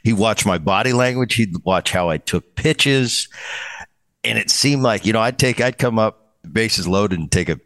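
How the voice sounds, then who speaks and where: A man's voice: lowish voice, normal speed. A middle-aged man hosting a podcast, telling stories in casual chat and acting out the voices he quotes, with many restarts. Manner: animated, acts out quoted voices, frequent restarts. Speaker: podcast host, former player. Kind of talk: casual conversational storytelling.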